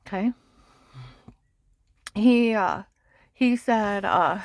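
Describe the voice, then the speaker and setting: A woman telling a long personal story in a rambling monologue, agitated and insistent, repeating herself and sometimes dropping to a hushed near-whisper. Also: mid-range voice, fairly even intonation, brisk, vocal fry, no room sound. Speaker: vlogger.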